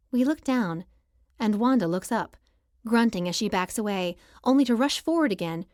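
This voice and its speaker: Woman narrating an expressive audiobook. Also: mid-range voice, dry recording, clean studio sound. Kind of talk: scripted romance narration, first person.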